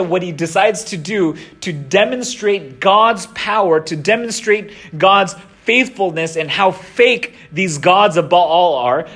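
High-voiced young man preaching casually. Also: fairly bright tone, breathy edge. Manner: retells scripture in slangy everyday words, many restarts. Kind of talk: casual sermon.

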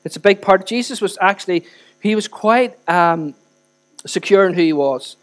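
Man, pastor, high-pitched voice, conversational sermon, questions to the congregation, loud to hushed, faint electrical hum. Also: animated, normal speed. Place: church.

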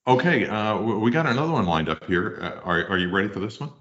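A man co-hosts a comedy podcast with a low voice. He makes hesitant, mock-grand introductions. The audio is a bit dull and lo-fi. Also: big pitch swings, fast talker, a bit bright. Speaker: podcast co-host. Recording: slightly muffled lo-fi audio.

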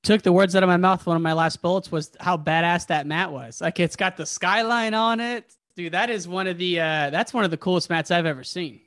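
A man's voice: sits high, fairly quick, few pauses, a bit bright, no echo, studio quality. Upbeat slangy male host. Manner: enthusiastic, slangy. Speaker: podcast host. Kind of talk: casual interview chat.

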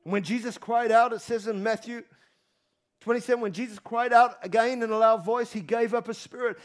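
A man preaching a sermon as pastor, animated and emphatic, repeating phrases for emphasis. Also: high-pitched, a little fast. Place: church.

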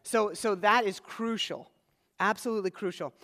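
Speaking at a moderate pace, a man with a fairly high voice preaches a sermon inside a church sanctuary. He shifts from forceful, stressed lines to hushed, low remarks, with the big room's long reverb lingering after each phrase.

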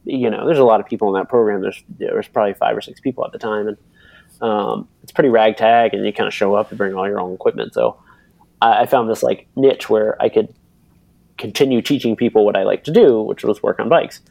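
A young bike mechanic and racer being interviewed speaks fairly quickly in a lowish, creaky, darkish voice with fairly even intonation. He rambles through a lengthy anecdote, filling it with fillers and imitating other people. The recording is low quality, though free of echo.

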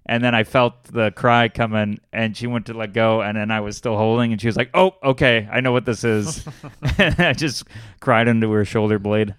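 Rambling comedian telling a story. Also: male voice, lowish voice, fairly even intonation, normal speed, fairly bright tone, smooth, no room sound, clean studio sound. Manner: rambling storyteller, lots of fillers and laughs. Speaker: stand-up comedian. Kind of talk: casual chat.

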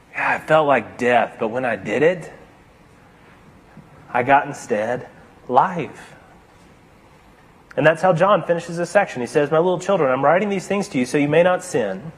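A man preaching a sermon, retelling a story dramatically and acting out the characters' dialogue. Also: medium pitch.

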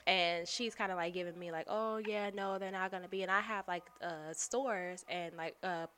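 A woman working in production management shares workplace stories in a casual, candid way. She gets animated and swears freely. Her voice is fairly low in pitch but bright and forceful. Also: moderate pace, clear, resonant tone. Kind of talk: casual storytelling.

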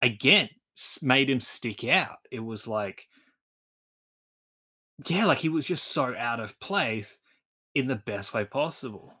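Male podcast co-host, casual film chat, laughs a lot, trails off softer, mid-pitched. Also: lively intonation, slow, long pauses, husky. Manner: laughs often, trails off quieter mid-thought.

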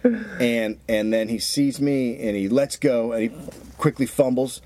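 This podcast co-host speaks at medium pitch and an unhurried pace. He tells a story in casual, profane chat, animated throughout and acting out what people said.

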